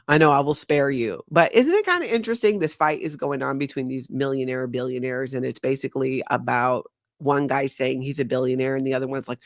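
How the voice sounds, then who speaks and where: A woman's voice: rumbling low, brisk, dry recording, studio quality. Chatty woman hosting a livestream. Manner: chatty, animated storytelling. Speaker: host. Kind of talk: livestream commentary.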